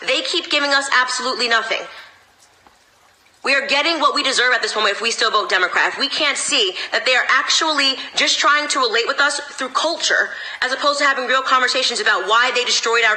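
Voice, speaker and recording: A woman's voice: high voice, bright, forceful tone, rough recording. A woman political commentator talking straight to camera in a sarcastic, emphatic rant.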